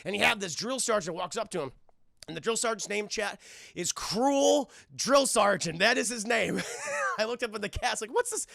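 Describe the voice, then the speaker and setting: A young man excitedly recapping a film for his live chat, swearing and addressing the chat constantly. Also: high-pitched, moderate pace, gravelly, dry recording, studio quality. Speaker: streamer reviewing a film.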